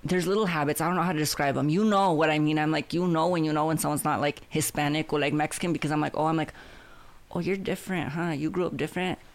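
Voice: mid-range voice, fairly even intonation, very fast, few pauses. A podcast co-host chatting casually, rambling and mixing in Spanish. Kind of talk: casual chat.

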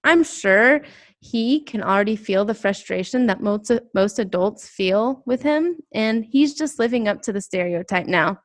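A woman's voice: medium pitch, animated, measured pace. Emphatic woman podcast co-host. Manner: emphatic, repeats key points. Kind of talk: conversational podcast advice.

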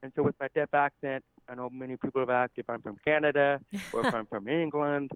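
A man's voice: mid-range voice, fairly even intonation, brisk, clear, resonant tone, no echo. An American man with a deaf accent, speaking as a podcast guest in an earnest, effusive, grateful way. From United States. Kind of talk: casual interview talk. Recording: tinny phone-like line, dry.

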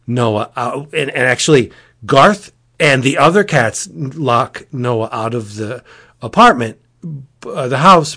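A man chatting casually as a podcast host, retelling a comic in a rambling, animated way. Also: medium pitch. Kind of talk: casual chat.

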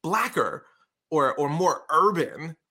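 A middle-aged man with a bright, forceful voice tells stories in a relaxed conversation. He slips into quick impressions of what others said, keeping his delivery lively. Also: on the high side. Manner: animated storyteller, acts out quotes. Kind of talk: casual conversation.

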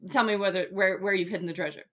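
A woman's voice: medium pitch, quick pace, a bit bright, lightly acted. A woman voicing a greedy, demanding king. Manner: blunt, demanding. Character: greedy scheming male king.

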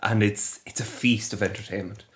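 An Irish man with a fairly low voice, hosting a podcast. He talks in a chatty, relaxed way. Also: moderate pace. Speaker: podcast host. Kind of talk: casual podcast chat.

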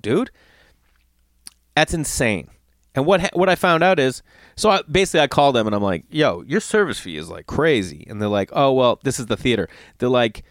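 A man's voice: medium pitch, no echo, clean studio sound. A middle-aged man telling a long, exasperated story in a casual monologue, swearing often and acting out both sides of the conversation. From Los Angeles area. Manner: animated, profane, exasperated retelling with acted-out quotes.

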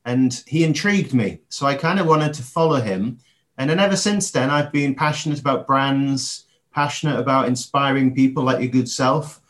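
An English man in his forties speaks as a podcast guest, with an ordinary mid-range pitch. He talks reflectively, pausing on fillers and restarting his phrases as he thinks. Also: fairly bright tone. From England. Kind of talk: podcast interview.

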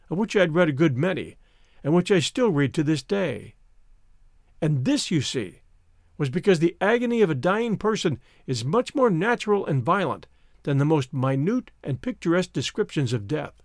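A man's voice: on the high side, dry recording, clean studio sound. A man reading a first-person story aloud as narrator, in a reflective storytelling manner. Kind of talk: scripted audiobook narration.

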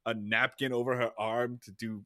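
A man co-hosting a casual podcast chat, recapping a TV episode in a lively, swearing way. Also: mid-range voice, normal speed. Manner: animated, swearing, recapping scenes. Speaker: podcast co-host.

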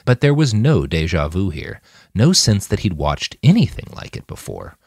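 Low voiced guy reading a novel aloud, swings all over, dry booth sound. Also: moderate pace, creaky, husky, dry recording. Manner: expressive storytelling. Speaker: narrator. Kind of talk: audiobook narration.

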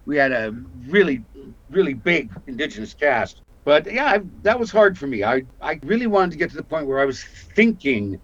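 A man in his sixties from Canada, an actor telling stories in a casual interview and acting out the voices of the people he quotes. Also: normal speed. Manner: animated storyteller, acts out quotes with big pitch jumps. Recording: muffled lo-fi audio.

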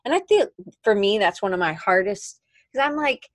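A woman co-hosting a relaxed podcast, talking in a loose, rambling way and often doubling back to fix what she said. Her voice is mid-pitched and recorded dry and close, with no room sound around it. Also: normal speed, no room sound. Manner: rambling, self-correcting, chatty. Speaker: podcast co-host. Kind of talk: casual chat.

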